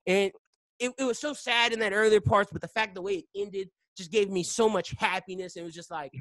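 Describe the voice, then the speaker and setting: A male podcast host in casual chat, retelling scenes in an animated way that swings between loud and soft. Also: sits high, brisk, no echo.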